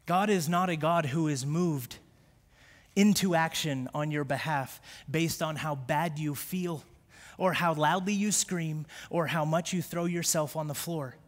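Male preacher, high voice, fervent sermon delivery that swings between loud and intimate, church sanctuary with long echo. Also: a little slow. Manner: impassioned, swings from shouted prayer to quiet confiding. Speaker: pastor. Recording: long hall reverb from a church.

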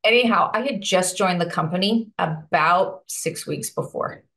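Animated woman telling a story. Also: normal speed, gravelly. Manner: animated, acts out quoted voices with big pitch swings; frequent "like" and "you know", addresses listeners as friends. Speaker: podcast guest. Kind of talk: conversational storytelling.

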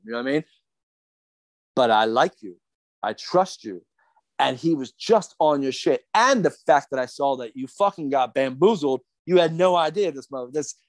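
A middle-aged man ranting on a podcast, worked up and profane, his pitch swinging widely and sitting a bit high for a man. He talks into a close studio mic in a dry, dead room, packing in fillers and restarts. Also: no echo. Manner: profane, fired up, repetitive fillers. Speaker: podcast guest, skateboarder. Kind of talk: heated podcast rant.

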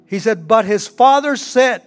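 Pastor, middle-aged man, high-pitched and unhurried, emotional, halting sermon delivery. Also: animated, soft background music. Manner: slow, emotional preaching with halting restarts. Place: church sanctuary.

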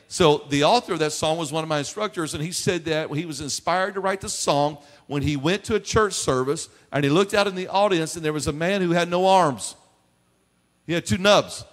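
Male preacher with a raised voice, long hall reverb; storytelling sermon that builds to loud preaching. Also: on the high side. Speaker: pastor. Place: church sanctuary.

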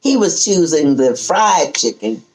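An older woman with a low voice speaks as a guest storyteller over a rough recording. In casual talk she recounts a family story with lively, lingering delivery, playing out her relatives' quoted lines.

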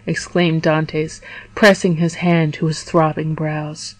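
Woman reader for learner audiobook: clear, steady, lowish, dry close sound. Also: slow, dry recording, low-quality recording. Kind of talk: storybook reading for English learners.

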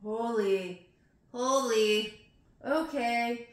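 A young woman reading poems aloud slowly and expressively, breaking off into emotional, chatty asides. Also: fairly high pitch. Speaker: poetry reader. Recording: roomy echo.

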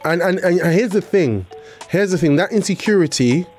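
Male host, lively and laughing, higher register, faint music behind. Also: normal speed. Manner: animated, laughs often, bursts into sing-song. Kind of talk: casual chat.

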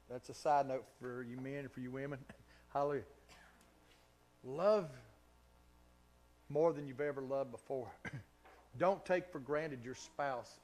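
A pastor with a Southern Kentucky accent preaching a sermon, swinging from loud emphatic preaching to soft, intimate near-whispers, with chuckles between phrases. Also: male voice, medium pitch. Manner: laughs between phrases and drawls stretched key words.

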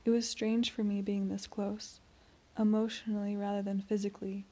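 A woman reading an amateur first-person audiobook in a soft, even voice that often drops toward a whisper. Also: medium pitch, moderate pace. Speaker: audiobook reader.

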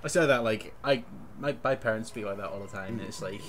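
A man's voice: on the low side, a bit bright, a little hiss or hum. A man from Liverpool playing a co-op game with a friend, rambling, arguing and swearing freely. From Liverpool, England. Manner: rambling, swears, quick to argue. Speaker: co-player. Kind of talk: casual gaming banter.

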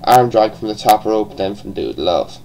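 A man's voice: fairly low pitch, big pitch swings, normal speed, gravelly, darkish tone, slight background noise, rough recording. A man with an Irish accent giving a casual, rambling review, full of restarts and the odd swear word. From born in England, raised partly in Ireland. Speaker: wrestling show reviewer.

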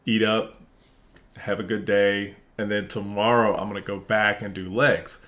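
A man's voice: lowish voice, measured pace. Man venting in a casual monologue. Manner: animated, mimics others in quoted voices, swears; frustrated and blunt when venting. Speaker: vlogger.

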